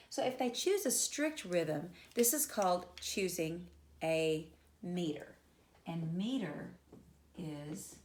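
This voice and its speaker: A woman's voice: on the low side, a little mellow. A woman English teacher giving a conversational lecture, repeating example words aloud and using casual fillers. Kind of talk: classroom lecture at a whiteboard. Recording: echoey room.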